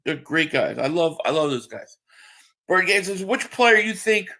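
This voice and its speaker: Bright-voiced man chatting on a live stream. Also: sits high, sing-song, measured pace. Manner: reads chat aloud and answers viewers, with restarts. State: just woke up, tired. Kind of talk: casual live stream chat.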